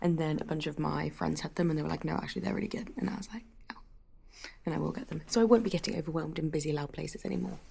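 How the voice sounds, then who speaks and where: A young British woman chatting casually to camera for her vlog, often slipping into a hushed half-whisper. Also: deep voice, quick pace, gravelly, slight background noise, poor audio. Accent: British English. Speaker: book vlogger.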